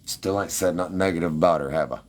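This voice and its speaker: A man's voice: low-pitched, fast talker. A man ranting defensively and with heavy profanity at his livestream commenters.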